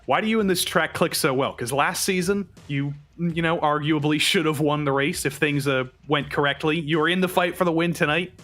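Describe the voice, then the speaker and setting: Bright, upbeat male racing interviewer. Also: a little high, fairly even intonation, brisk, soft background music. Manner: upbeat, playful questioning. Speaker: pit reporter interviewing drivers. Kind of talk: post-race interview.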